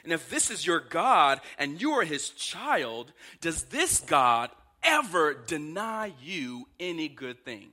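A man's voice: on the high side, sing-song, slow pace, hardly any pauses, pushed and bright. A man preaching a sermon, asking emphatic rhetorical questions and briefly voicing grumbling complainers. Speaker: pastor.

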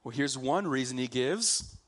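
A man preaching a sermon, slow and emphatic, drawing out key phrases for weight. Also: mid-range voice, expressive.

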